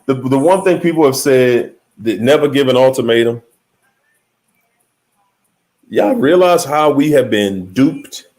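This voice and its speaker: A man hosting a motivational livestream speaks emphatically and directly to viewers, swinging between high exclamations and low murmurs. His voice is a little mellow.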